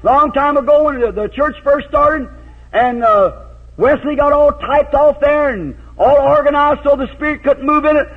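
A man with a very high, thin voice preaches a revival sermon, spinning folksy stories and breaking into shouted hallelujahs. The recording is a tinny, phone-like old tape. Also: normal speed.

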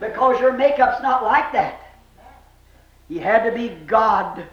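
High-pitched man preaching in an echoey church. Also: lively intonation, a little slow, pauses often. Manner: impassioned, swinging from shouts to hushed low lines. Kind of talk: fervent revival sermon. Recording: echoey, dull old sermon recording.

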